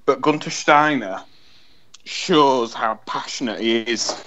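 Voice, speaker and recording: A man co-hosting a casual podcast, talking in an animated, sweary way and acting out quotes as he tells stories. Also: mid-range voice, slow. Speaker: podcast co-host. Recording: dull lo-fi audio.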